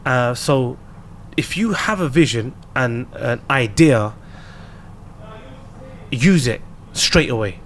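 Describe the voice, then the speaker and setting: A man with a London accent, a guest entrepreneur on a podcast, chatting casually and telling lively anecdotes with slang. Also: medium pitch, slow pace, long pauses, slight background noise. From England. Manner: animated storyteller, laughs while telling anecdotes, slangy.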